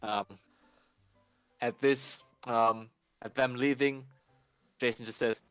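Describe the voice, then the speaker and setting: A man narrating as game master for a tabletop game, halting with many ums and restarts. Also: mid-range voice, steady tone, a bit bright, clear, resonant tone, dry recording, faint music behind.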